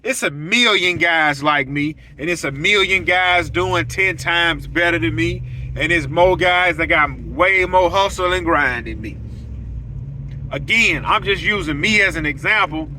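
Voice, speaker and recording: A man's voice: fairly high pitch, unhurried, pushed and bright, a little hiss or hum, low-quality recording. A man, a welder hosting his own show, telling a story straight to his viewers in a blunt, preachy way. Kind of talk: casual storytelling monologue to viewers.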